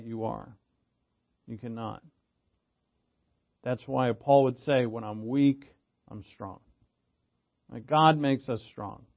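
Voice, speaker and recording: A man's voice: on the high side, phone-quality sound. A man teaching a Bible passage in a casual, conversational way, often checking in with "right?". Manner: conversational, frequent "right?" check-ins, restarts. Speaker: preacher.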